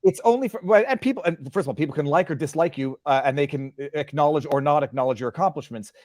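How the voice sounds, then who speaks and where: A middle-aged man hosts an interview, often stammering as he tries to get a word in. His voice sits slightly high. The sound is close and dry, with no room around it. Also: quick pace, darkish tone, no room sound. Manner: hesitant, stammering when interrupted. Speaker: interview host. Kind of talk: conversational interview.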